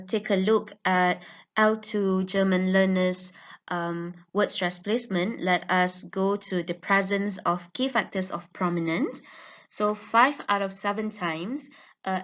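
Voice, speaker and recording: Woman, student presenter, academic talk, measured explaining, dull lo-fi recording. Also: mid-range voice, a bit bright.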